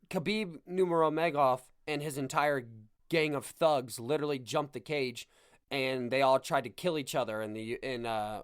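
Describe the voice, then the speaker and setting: A man hosting a podcast, chatting casually about sports in an animated, rambling and joking way. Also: mid-range voice. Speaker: podcast host.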